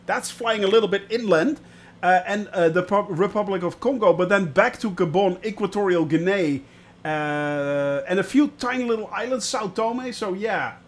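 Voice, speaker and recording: A man streaming a flight simulator, chatting to viewers in a relaxed way with many filler sounds. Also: high-pitched, normal speed. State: watery eyes, about to sneeze. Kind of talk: live-stream commentary.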